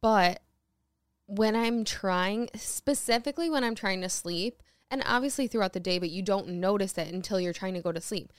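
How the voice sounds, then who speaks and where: A young woman co-hosting a podcast, telling stories in a lively way and acting out what others said, laughing as she goes. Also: mid-range voice, moderate pace, smooth, no echo, clean studio sound. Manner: animated storytelling, acts out quotes with laughter. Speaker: podcast co-host. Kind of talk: casual chat.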